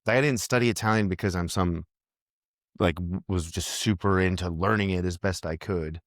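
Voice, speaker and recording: Chill american guy talking casual, kinda low voice, laughs a lot, dry mic. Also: moderate pace, no room sound. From United States. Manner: relaxed, laughs often, swears casually. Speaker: podcast guest. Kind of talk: casual chat.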